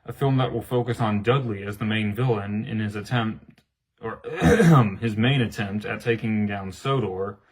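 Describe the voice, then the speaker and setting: Husky man reading a channel announcement. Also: on the low side, rough recording. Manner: formal, read-out delivery. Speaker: channel creator.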